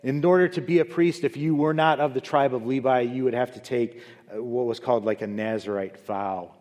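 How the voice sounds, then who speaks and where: A man preaching a sermon as pastor. He swings between loud, high emphasis and low, quiet asides. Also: steady tone, a little fast. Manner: rises loud and high for emphasis, then drops low and soft. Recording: long hall reverb.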